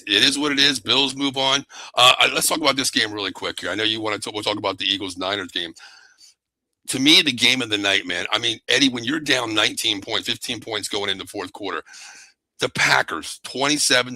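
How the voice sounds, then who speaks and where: A man hosting a casual sports talk show, animated and excitable, often calling his co-host by name. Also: on the low side, brisk, no room sound, rough recording.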